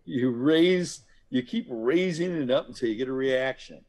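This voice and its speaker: Man, middle-aged, podcast guest, lively storyteller, medium voice. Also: mid-range voice, normal speed. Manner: animated storyteller, acts out examples. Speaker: guest, author and workplace violence speaker. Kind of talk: conversational podcast interview.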